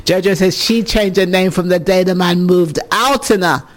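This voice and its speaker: A man with a somewhat high voice hosts a casual radio talk show. He muses aloud and laughs often as he reads out what listeners write in. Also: normal speed. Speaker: radio host reading listener comments. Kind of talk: casual chat.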